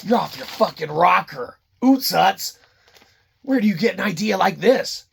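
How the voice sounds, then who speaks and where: A man's voice: high voice, lively intonation, unhurried, vocal fry, slight background noise. A man hosting a snack review, rambling and sarcastic with lots of swearing and silly voices. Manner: profane, sarcastic, jumps between silly voices.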